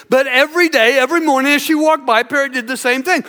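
A man's voice: very high voice, fast talker, few pauses, sharp tone. A man preaching a sermon in an emphatic, earnest way, repeating words for effect. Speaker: pastor. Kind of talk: sermon with storytelling. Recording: echoey hall reverb.

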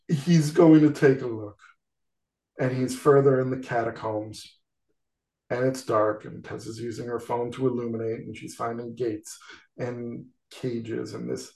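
A man with a mid-range voice hosts a casual podcast. He recaps a film plot in a relaxed way. His voice sounds echoey, as if recorded in a reverberant room. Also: mid-range voice, gravelly. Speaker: podcast host.

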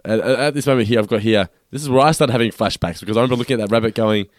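A man co-hosting a podcast, recapping scenes in steady, low-key casual chat. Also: rapid-fire, no echo, clean studio sound. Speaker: podcast co-host.

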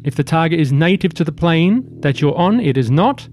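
A man narrating as game master, giving calm rulings with dry humor. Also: fairly high pitch, a little fast, soft background music.

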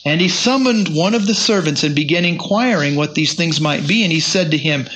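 A man's voice: a little high, animated, a little fast, few pauses, fairly bright tone, slight background noise. A man teaching the Bible in a sermon, reading scripture aloud with rising emphasis.

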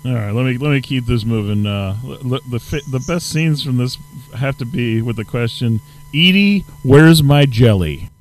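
A man's voice: medium pitch, brisk, hardly any pauses, a little mellow. A man co-hosting a casual chat, recapping scenes with wry jokes and frequent restarts. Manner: wry, joking, restarts often. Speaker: podcast co-host.

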